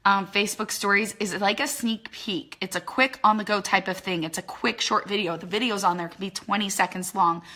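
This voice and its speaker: Bright-voiced woman giving a chatty live tutorial. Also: mid-range voice. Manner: chatty, filler-heavy, talks in quick bursts. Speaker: social media business trainer. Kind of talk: casual live-stream tutorial.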